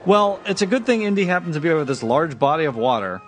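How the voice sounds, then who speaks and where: A man co-hosting a podcast, giving relaxed, wry commentary on a comic. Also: on the high side, fast, background noise. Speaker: podcast co-host. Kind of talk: casual comic book discussion.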